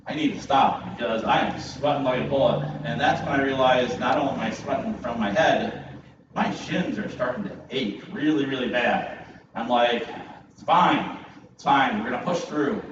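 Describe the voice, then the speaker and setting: Man preaching in a booming, echoey sanctuary. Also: background noise. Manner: animated, self-mocking storyteller. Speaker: guest preacher. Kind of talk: sermon opening with a personal story. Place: church sanctuary. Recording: distant, muffled, echoey church hall with ambience.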